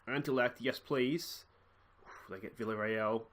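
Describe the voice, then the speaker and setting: A man's voice: mid-range voice, a little slow. Chatty man commentating a football game. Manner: chatty, musing, bursts of excitement. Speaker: let's play host.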